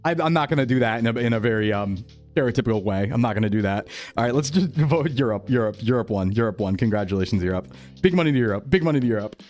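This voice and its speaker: A man's voice: medium pitch, animated, quick pace, a little mellow, faint music behind. A man chatting casually on a live stream, upbeat and talkative, greeting viewers by name.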